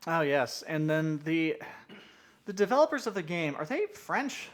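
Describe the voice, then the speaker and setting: A man's voice: a little high, very animated, unhurried. A man hosting a casual podcast chat, leading with questions and often restarting his sentences. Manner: leads with questions, rambling restarts. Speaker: podcast host.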